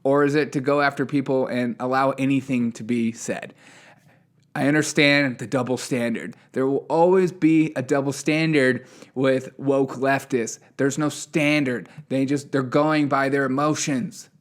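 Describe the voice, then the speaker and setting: A man's voice: mid-range voice, steady tone, measured pace. A man hosting a solo news commentary podcast, sarcastic and ranting, laughing at the headlines. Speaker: podcast host.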